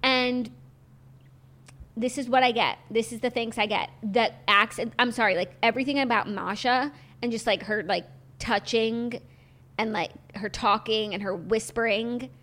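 A young adult woman co-hosting a casual podcast. Her voice sits fairly high, and she talks in an animated, rambling way full of fillers. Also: moderate pace. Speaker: podcast co-host. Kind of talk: casual chat.

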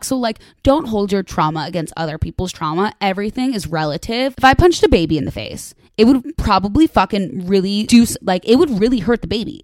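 A woman's voice: medium pitch, expressive, quick pace, few pauses, dry recording. A young woman hosting a podcast in casual solo chat, gossipy and emphatic, full of "like" and swearing. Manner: gossipy and emphatic, heavy "like" filler, rants with swearing. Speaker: podcast host.

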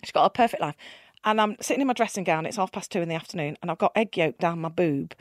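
A middle-aged woman, a guest, telling her life story candidly and emphatically, swinging between quiet and loud. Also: lowish voice, fast, no room sound, clean studio sound. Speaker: guest, keynote speaker. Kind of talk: candid personal storytelling in conversation.

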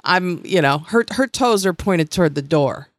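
A woman's voice: fairly low pitch, expressive, normal speed. A woman co-hosting a podcast in casual chat, blunt and profane, often trailing off and restarting her sentences. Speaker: podcast co-host.

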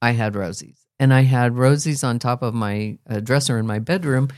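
A middle-aged woman hosting a podcast, chatting casually and telling a story with lively rises in her voice. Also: a bass voice, normal speed, no room sound, clean studio sound. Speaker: podcast host. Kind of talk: casual chat.

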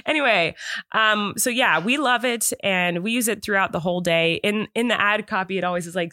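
A woman's voice: mid-range voice, fairly quick, sharp tone, no room sound, clean studio sound. A woman in her thirties co-hosting a podcast, reading an ad in a playful, giggly, joking way. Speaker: podcast co-host. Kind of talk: casual ad read.

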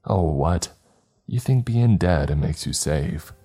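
A man's voice: a bass voice, expressive, slow, mellow, breathy edge, soft background music, heavily acted. A man voicing a frightened, slang-talking ghost boy from the 1950s who hisses his words. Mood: scared hissing. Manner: hissing, fearful, slangy.

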